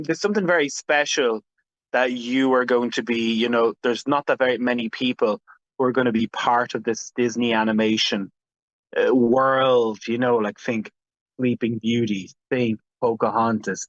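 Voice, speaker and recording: A man conducts a press interview in a chatty, effusive way, full of exclamations. His pitch is middling. The recording is dull and muffled, with a dry, close sound. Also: dry recording. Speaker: entertainment interviewer.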